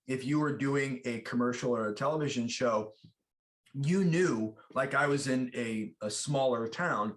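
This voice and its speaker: A middle-aged man with an American accent, talking as a guest in a relaxed interview. He tells his stories with energy, acting out little bits of dialogue and often stopping to restart a thought. His voice sits at an ordinary pitch for a man. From United States. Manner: animated storyteller, acts out quoted voices, many restarts. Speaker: guest actor. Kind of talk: casual interview chat.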